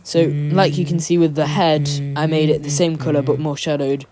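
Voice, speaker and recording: A YouTuber narrates her drawing in a rambling, self-deprecating voice-over full of ums, using a low, level voice at normal speed. Loud music plays behind her.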